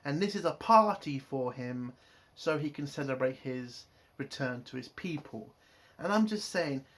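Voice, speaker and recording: A man's voice: fairly high pitch, a bit bright. A man giving a casual episode review, frustrated and swearing, building into exasperated outbursts. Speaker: show reviewer.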